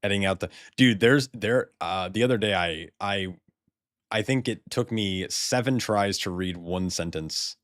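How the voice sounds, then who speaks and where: Low-pitched American guy, laid-back game streamer, swears freely, dry close-up sound. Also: measured pace, a bit bright, dry recording. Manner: loose, rambling, swears a lot, laughs often. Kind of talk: casual live-stream chat.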